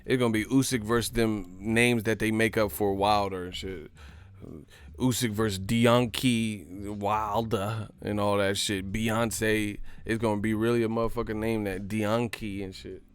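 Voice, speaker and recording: A man hosting a live stream, giving loud, profane, slangy boxing banter full of laughs and mock impressions. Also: lowish voice, fairly even intonation, a little slow, clear, resonant tone. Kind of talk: casual boxing commentary with comic impressions.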